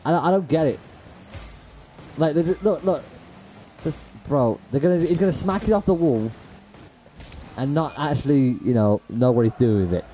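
This gaming streamer speaks in a somewhat high, animated but dark-toned voice at a moderate pace with long pauses, heard on a rough recording with some hiss or hum. He talks to chat in slangy language heavy on "bro," cursing and raging at plays before apologizing.

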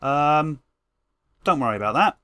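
A man's voice: on the high side, expressive, unhurried, sharp tone, no echo. A man giving a comedic, scripted tour of a video game build, playful and wry with self-mocking asides.

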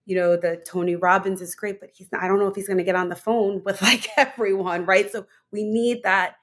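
A woman's voice: mid-range voice, steady tone, brisk, a bit bright. A woman health coach as an interview guest, talking enthusiastically and rambling with many fillers. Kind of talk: conversational interview.

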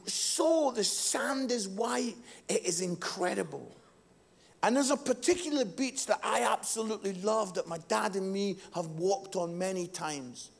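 Impassioned high-voiced male pastor, gravelly. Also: measured pace. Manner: impassioned, swinging from hushed to shouting. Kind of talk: sermon. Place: church service, live.

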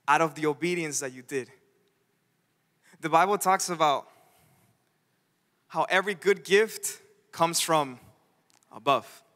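A man preaching a sermon as a pastor, animated, acting out the voices of the figures in his story. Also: fairly high pitch. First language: Spanish. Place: church sanctuary. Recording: church hall with long reverb.

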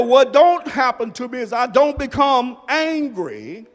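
A pastor preaching a sermon, dropping to soft low murmurs and rising to shouted emphasis. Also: male voice, big pitch swings, unhurried, in a large hall. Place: church sanctuary.

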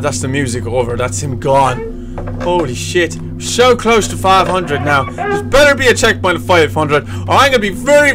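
Young male gaming YouTuber with a high voice and a slow pace, who swears and yelps when scared; game music plays behind him. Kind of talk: let's play commentary. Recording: game music playing underneath.

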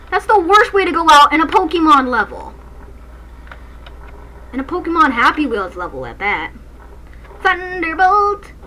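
A woman hosting a gaming channel, giving excitable, jokey let's-play commentary from a dark room at night and breaking into snatches of song. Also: sits high, slight background noise, low-quality recording.

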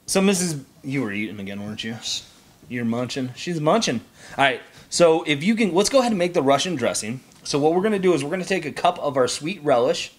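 Chatty, slightly high-voiced man cooking. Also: animated, fast. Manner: chatty, jokey, giving step-by-step instructions. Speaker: cooking show host. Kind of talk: casual cooking demonstration. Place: home kitchen.

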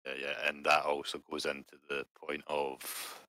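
A man with an extremely deep voice plays his character in a tabletop game over a call. He talks in a halting, hesitant way with many restarts. The audio is dry and close. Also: monotone, sharp tone, no room sound. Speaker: player.

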